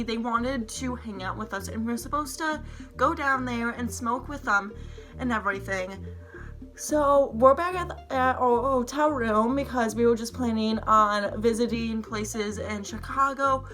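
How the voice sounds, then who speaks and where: Young woman vlogger, high bright voice, excited rambling storytelling, frequent swearing, faint music underneath. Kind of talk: casual storytime vlog.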